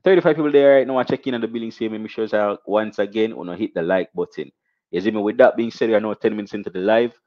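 A young Jamaican man hosting a casual live stream, shouting out viewers and reading donations with animated, repetitive catchphrases. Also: on the low side, fast talker, dry recording, muffled recording.

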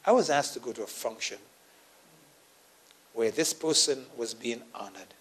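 In church, a pastor preaches a sermon built around a personal story, acting out his own quoted dialogue and laughing at his own tale. He swings from quiet asides to loud, emphatic preaching. His voice is medium-pitched and husky, at a normal speed.

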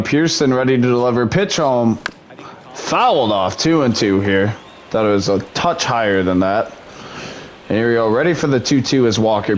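A man's voice: mid-range voice, a little hiss or hum. A man doing mock broadcaster play-by-play over his own video game, slipping into muttered frustration between calls. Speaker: gaming YouTuber. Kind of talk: play-by-play commentary while gaming.

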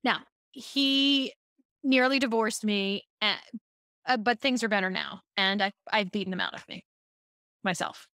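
A woman's voice: medium pitch, a little slow, dry recording, clean studio sound. A woman from Baltimore, a speaking coach, telling stories in a casual podcast interview and acting out quotes. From Baltimore, USA. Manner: animated storytelling, acts out quotes.

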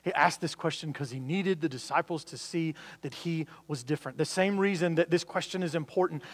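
A man's voice: fairly high pitch, a little fast, slightly rough, long reverb tail. A man preaching a sermon, talking earnestly with frequent restarts and building emphasis. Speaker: pastor.

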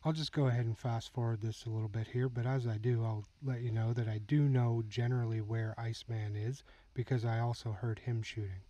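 A man with an ordinary mid-range voice narrates over his own game footage. He explains tactics in a calm, instructional way and chuckles easily as he goes. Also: medium pitch, a little fast, few pauses, low-quality recording. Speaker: channel host.

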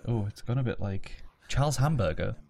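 A man's voice: medium pitch, expressive, normal speed, gravelly, a little mellow. A man playing a game at his home desk, joking, swearing and mocking himself as he plays. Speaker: let's play gamer. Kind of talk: casual gameplay commentary.

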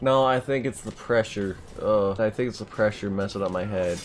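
A young man giving let's-play commentary, excitable and complaining loudly at the game. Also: on the low side, normal speed, hardly any pauses. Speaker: gameplay streamer.

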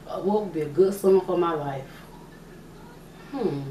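A woman's voice: on the low side, mellow. A young woman casually answering questions for her vlog, chatty and joking, often thinking aloud. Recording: echoey room, mic at a distance, faint hiss.

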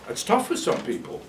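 A man leading an acting workshop for a class, blunt and demonstrative, laughing often as he talks. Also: a little hiss or hum. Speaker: acting teacher. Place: workshop room with a live class. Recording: echoey room, mic far off.

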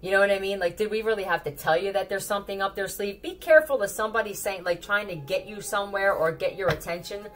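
A woman with a Philadelphia accent giving a casual tarot reading, blunt and profane, with animated warnings to her viewers. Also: medium pitch, fast, hardly any pauses. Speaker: tarot reader.

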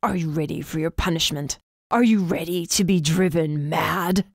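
A woman voicing a harsh, vengeful man who speaks in cold, low threats. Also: moderate pace, gravelly, no echo, clean studio sound. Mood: menacing.

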